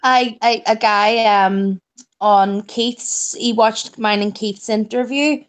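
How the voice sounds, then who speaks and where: A woman's voice: on the high side, fairly even intonation, slow pace. A woman chatting playfully and animatedly in a casual family vlog, laughing often. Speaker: vlogger.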